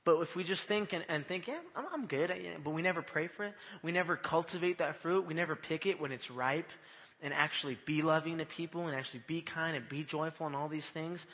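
A man preaching a sermon in a lively, conversational way, often checking in with his listeners. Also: on the high side. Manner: animated, conversational, often asks "right?". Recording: long hall reverb.

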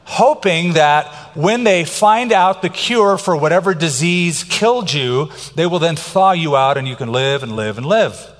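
Middle-aged male pastor, emphatic sermon delivery, slightly high voice, big reverberant hall. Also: expressive, a little slow, few pauses. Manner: emphatic preaching, varies pace for effect.

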